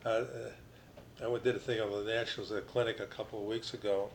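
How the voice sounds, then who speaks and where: An older man from New Jersey, a retired baseball pitcher, telling rambling stories as an interview guest, full of restarts and you-knows. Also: flat delivery, fast, a little hiss or hum, poor audio.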